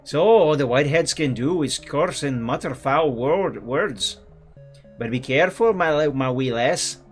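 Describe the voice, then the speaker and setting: A man's voice: on the high side, expressive, measured pace, soft background music. A man putting on a Scottish accent to voice a chatty, kindly villager. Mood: friendly. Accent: put-on Scottish. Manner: warm, chatty, folksy. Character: kindly villager who fusses over a young witch.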